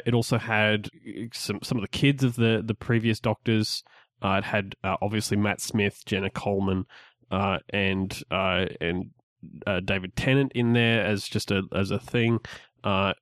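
A man's voice: lowish voice, fairly even intonation, unhurried, a bit bright, no echo, clean studio sound. A man co-hosting a casual geek podcast, opening in an upbeat way, then rambling with many restarts. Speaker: podcast co-host.

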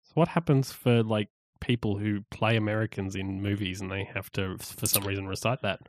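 A man's voice: fairly low pitch, steady tone, fairly quick, dry recording, clean studio sound. Chatty man, podcast host. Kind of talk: casual chat.

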